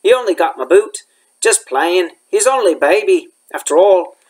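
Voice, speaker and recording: Storybook read-aloud: man voicing soft-hearted giant gamekeeper, puffing, emotional, raised pitch. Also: expressive, normal speed. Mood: fond.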